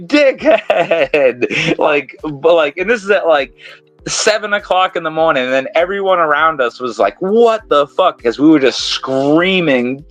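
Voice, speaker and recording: A man's voice: fairly high pitch, a bit bright. A man from New England with a New England accent, hosting a podcast in casual, rambling, profane chat. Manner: rambling, profane, laughs often. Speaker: podcast host.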